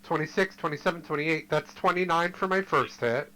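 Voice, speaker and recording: A man playing a tabletop game as a player, low-key, counting his dice rolls out loud. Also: a little fast, low-quality recording.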